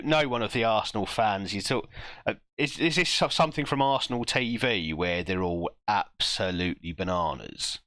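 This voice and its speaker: A man streaming a football management game, reacting live with self-mocking groans and quick asides to chat. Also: lowish voice, bright, forceful tone, no room sound.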